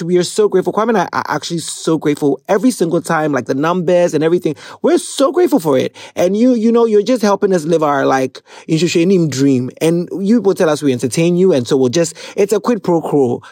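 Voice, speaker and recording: Playful Ghanaian podcast host, higher pitch. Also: male voice, a little mellow. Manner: chatty and playful, laughs often, switches into a mock radio voice. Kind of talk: casual chat.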